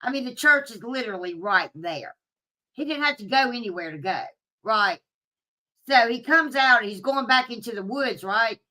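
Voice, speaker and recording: Bright-voiced woman telling a story. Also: a little high, moderate pace. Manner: animated, swears freely, laughs at herself. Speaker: streamer talking to live chat. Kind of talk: casual storytelling to viewers.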